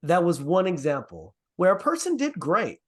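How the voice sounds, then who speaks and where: A man who grew up in the Caribbean, leading an online workshop over a video call in an earnest, encouraging way. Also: normal speed. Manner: earnest, encouraging, lively pitch swings. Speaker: workshop presenter.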